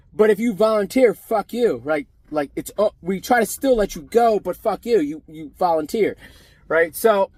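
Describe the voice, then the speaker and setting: Middle-aged ex prison sergeant guy rambling and cussing, kinda high voice, dry close sound. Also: darkish tone, no room sound. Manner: rambling, profane, blunt. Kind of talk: casual profane rant to camera.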